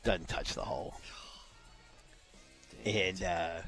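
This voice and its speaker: A man with a fairly low voice recounts what he watched, stopping and restarting as he goes. He speaks in casual chat with a co-host. Faint music plays underneath. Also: fairly even intonation, takes it slowly, fairly bright tone. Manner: storytelling, hesitant restarts.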